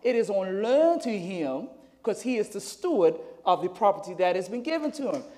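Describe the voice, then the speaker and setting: A man's voice: high-pitched, sing-song, moderate pace, darkish tone. A man in a church Bible class, talking conversationally and explaining his point through a personal example. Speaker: class participant. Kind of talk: church Bible lesson discussion. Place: church sanctuary.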